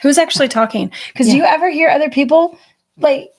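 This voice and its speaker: A woman co-hosting a podcast in casual chat, animated and candid, often chiming in with quick agreement. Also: sits high. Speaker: podcast co-host.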